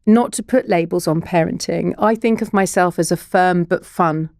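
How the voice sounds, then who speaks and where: A woman's voice: on the low side, moderate pace, darkish tone, dry recording, studio quality. Earnest woman explaining parenting science. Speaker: guest, child therapist and broadcaster. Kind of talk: podcast interview, explaining.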